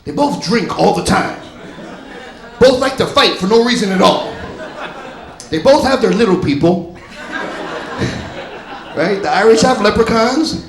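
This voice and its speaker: A male stand-up comedian telling stories in a loud, punchy way on a club stage. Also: high voice, expressive, measured pace, pauses often. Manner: loud, punchy storytelling, often laughing. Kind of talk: stand-up set. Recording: echoey club room.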